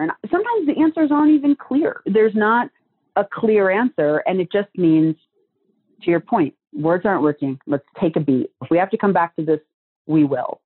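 A woman's voice: fairly low pitch, animated, normal speed, breathy edge. A woman speaking as a guest on a podcast, earnest and reflective, explaining advice with everyday images. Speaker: guest, communication trainer. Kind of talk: podcast conversation. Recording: tinny phone-like line.

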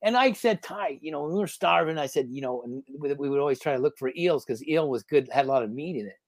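Animated storytelling man, dry sound. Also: mid-range voice, fast, no room sound. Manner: animated, rambling anecdotes with lots of fillers. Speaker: podcast guest, former reality show contestant. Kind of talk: casual storytelling interview.

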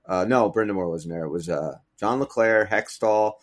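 Middle-aged male podcast co-host, low voice, loose profane storyteller. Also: normal speed. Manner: rambling storyteller, profane, gropes for names. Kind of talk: casual chat.

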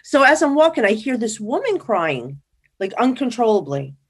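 A woman from New Jersey, a psychic guest in an interview, telling stories in a lively, chatty way and acting out what people said. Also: on the high side, normal speed, breathy edge. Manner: animated, acts out quoted dialogue. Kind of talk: casual interview storytelling.

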